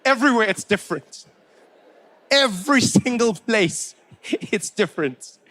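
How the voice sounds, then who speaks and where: A man's voice: high voice, expressive, measured pace, a bit bright. A South African man doing stand-up, telling a story in a chatty, conversational way with many asides, on a comedy club stage into a handheld mic.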